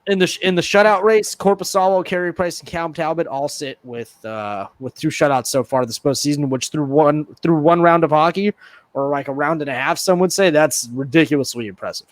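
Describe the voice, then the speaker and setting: A man hosting a relaxed podcast chat with a slightly raised voice. He jokes around and laughs a lot, and his voice sits close and dry with no room echo. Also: on the high side, brisk. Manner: joking, laughs often. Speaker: podcast host.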